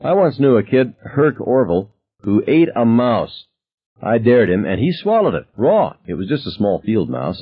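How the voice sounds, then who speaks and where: A man narrating an audiobook in a wry, reflective first-person way, with a husky voice. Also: lowish voice, narrow, tinny audio.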